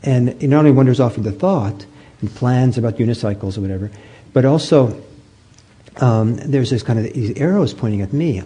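Male meditation teacher, gentle and halting, slightly husky voice. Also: mid-range voice. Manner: gentle, halting storytelling with many fillers and restarts. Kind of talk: dharma talk.

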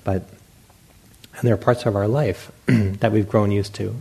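A man's voice: lowish voice, steady tone, measured pace, gravelly, darkish tone, breathy edge. A man who is a meditation teacher, giving a dharma talk at a meditation center as a self-mocking storyteller who acts out his own past thoughts and laughs often.

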